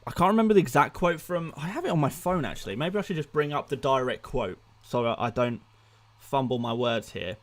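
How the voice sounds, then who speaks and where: Male streamer, mid-pitched, laid-back, thinks aloud as he goes. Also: a little fast. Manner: relaxed, thinking aloud with small restarts. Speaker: fantasy football streamer. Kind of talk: casual live-stream chat.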